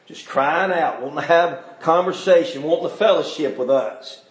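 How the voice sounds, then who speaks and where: A man preaching a sermon, calling out to the congregation and asking them questions, swinging between shouting and quiet asides. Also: fairly high pitch, moderate pace, reverberant. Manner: fervent, calls out to the congregation and asks them questions.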